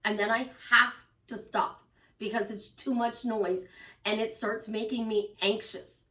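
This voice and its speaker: In a casual to-camera monologue, a woman life coach addresses her followers with a highish, bright, forceful voice that stays steady and moves a bit slowly. She is emphatic, repeats phrases, and acts out inner voices, while the echoey room makes her sound distant.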